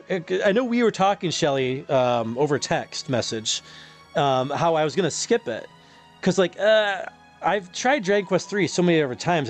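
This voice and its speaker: A man hosting a live game stream, casually chatting and reading viewer comments aloud, laughing often and stumbling over his words, his voice getting a bit hoarse. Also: fairly high pitch. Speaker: streamer host reading chat.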